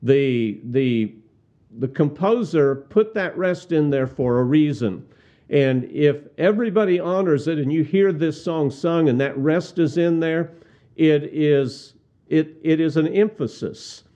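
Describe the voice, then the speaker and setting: A man teaching how to lead a cappella hymn singing, speaking deliberately, repeating words and singing hymn lines as examples. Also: on the high side, mellow. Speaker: song leading instructor. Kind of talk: instructional demonstration with sung examples. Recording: slightly dull, muffled sound.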